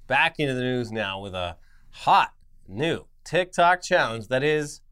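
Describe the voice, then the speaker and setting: A man co-hosting a casual news podcast, joking and sarcastic, dropping low and quiet for asides. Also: big pitch swings, a little slow, clean tone. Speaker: podcast co-host. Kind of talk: casual news chat and ad read.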